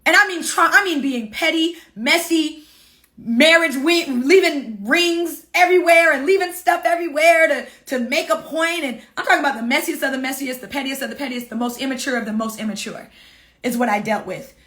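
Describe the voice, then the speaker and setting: A woman author and coach telling viewers her own story in a casual, animated, emphatic way, swearing freely. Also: sits high, a little fast.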